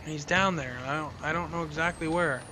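A man playing a horror game on his channel, jumpy and profane, yelling whenever he gets scared. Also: a little high, fairly even intonation, a little fast, noisy background. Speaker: gaming video host.

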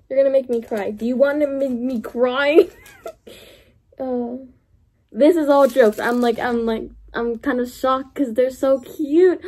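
A young woman vlogging an unboxing, gushing and gasping with excitement as she opens gifts. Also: on the high side, unhurried.

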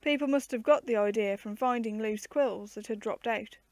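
A man's voice: high voice, moderate pace, no room sound. Kindly uncle explaining animals, read by a woman. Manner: gently teasing, explanatory. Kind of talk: storybook reading.

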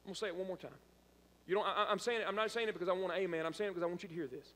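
A man's voice: high voice, fairly even intonation, very fast, sharp tone, big-room sound. A male pastor preaching a sermon, emphatic and repeating phrases for emphasis. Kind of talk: live-streamed sermon. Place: church sanctuary.

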